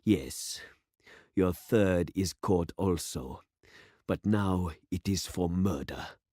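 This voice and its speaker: A man voicing a grave, elderly village pastor in a story read aloud, speaking slowly and formally. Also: deep voice, warm tone, dry recording, clean studio sound. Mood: solemn. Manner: slow, solemn and formal.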